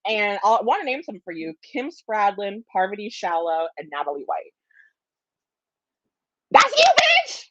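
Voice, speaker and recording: A woman's voice: mid-range voice, animated, a little fast, few pauses, no room sound. Woman juror talking on a call, gushing and laughing, kinda stoned, swears a lot, muffled dry audio. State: a little stoned. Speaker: jury member. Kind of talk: emotional farewell speech on a call.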